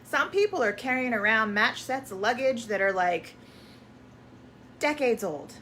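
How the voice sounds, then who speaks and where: Her voice runs on the high side, animated yet a little slow and somewhat bright, as this spiritual energy coach makes casual promotional conversation. She's effusive and affirming, repeating points and using upbeat self-help talk. Slight hiss or hum is audible.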